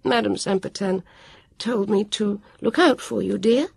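A woman's voice: mid-range voice, a little slow, vocal fry, darkish tone, slightly rough, dry recording, studio quality, pitched above the performer's own voice, heavily acted. A woman voicing a friendly, firm grown woman who calls people dear, read aloud in an audiobook. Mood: kindly firm. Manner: kindly but firm, says 'dear'.

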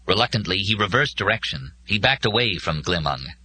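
A man with a very deep voice reads scripted narration for an audiobook, measured and solemn. His tone carries a bright, forceful edge over his low pitch. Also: expressive, slightly rough.

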